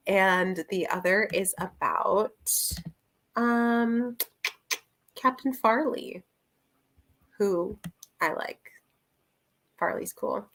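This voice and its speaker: A woman's voice: medium pitch, gravelly, fairly bright tone. A young woman chatting casually through a book review, rambling with plenty of fillers and little laughs.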